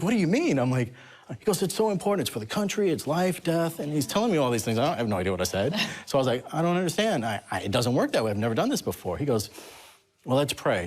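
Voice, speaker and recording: A man's voice: mid-range voice, a little mellow. A man who is a guest on a talk show, animatedly telling a personal story and laughing as he goes.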